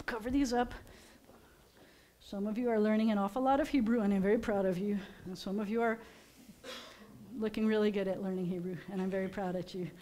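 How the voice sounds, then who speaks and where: An older American woman, a rabbi, giving a casual, teacherly sermon with gentle jokes to her congregation in a synagogue. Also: mid-range voice, steady tone, fairly quick, long pauses, slight background noise. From United States. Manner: chatty, teacherly, gently joking. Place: synagogue sanctuary during a service.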